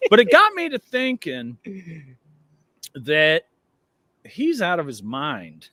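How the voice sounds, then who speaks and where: Tired male regular panelist, slightly high voice, stammers, animated football chat. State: tired after a night out. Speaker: regular panelist on a fan show.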